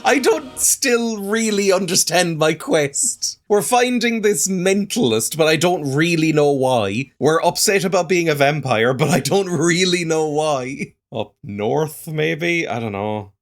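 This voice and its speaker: A man's voice: fairly high pitch, lively intonation, measured pace, hardly any pauses. A man hosting a let's-play, chatting about the game in a wry, sarcastic way. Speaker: gameplay video host.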